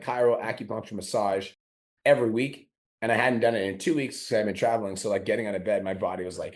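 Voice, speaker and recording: With a lowish, slightly mellow voice, this podcast host gives a motivational monologue that is blunt and profane, dramatizing the grumbles in his own head. He's getting over a sore throat.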